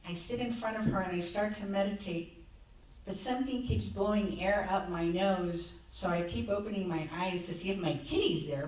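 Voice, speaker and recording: Woman guest speaker, lower voice, conversational storyteller, heard from a distance in a very echoey sanctuary. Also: a little hiss or hum. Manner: conversational, reenacts dialogue. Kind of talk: personal storytelling talk. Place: church sanctuary. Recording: echoey hall, distant mic.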